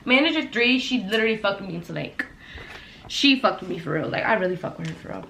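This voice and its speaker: Young woman ranting a work story, bright voice, roomy echo, acts out the quotes loud. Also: medium pitch, fast, gravelly, a little hiss or hum. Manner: animated, heated retelling with loud acted-out quotes. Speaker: vlogger telling a story. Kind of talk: casual storytime vlog. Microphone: laptop camera. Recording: echoey room.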